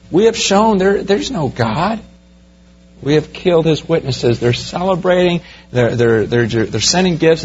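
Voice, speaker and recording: A man preaching a sermon verse by verse, growing animated as he pictures the scene for his listeners. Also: on the high side, dull audio, slight background noise. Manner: animated, rising to excited storytelling. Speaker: pastor.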